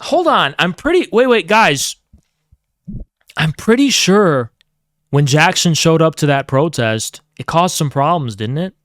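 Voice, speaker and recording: A man's voice: a little high, big pitch swings, a little slow, a bit bright, dry recording, studio quality. A man streaming heated commentary, sarcastic and profane, mocking the people he talks about.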